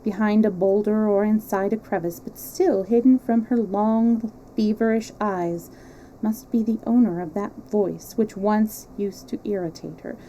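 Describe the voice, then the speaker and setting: A woman reading a classic novel aloud, expressive and measured, with small slips. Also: mid-range voice, a little hiss or hum, poor audio. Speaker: storyteller.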